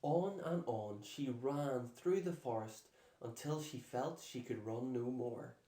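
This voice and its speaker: A man slowly reading a children's storybook aloud, with expressive delivery. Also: medium pitch. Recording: echoey room.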